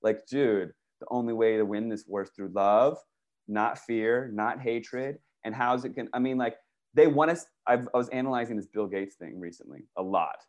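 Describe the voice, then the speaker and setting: A man talking casually and excitedly, rambling through stories with many restarts, swearing and saying "dude" and "bro". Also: mid-range voice, normal speed, lo-fi sound. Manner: profane, uses "dude" and "bro". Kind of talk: casual conversation.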